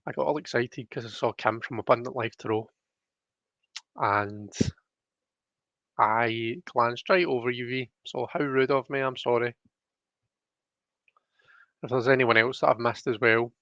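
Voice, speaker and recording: A man's voice: medium pitch, steady tone, a little slow, long pauses, bright, forceful tone, no echo, dull audio. A young Scottish man hosting a live stream, chatting casually and reading out viewer comments with lots of fillers. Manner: rambling, chatty, frequent fillers.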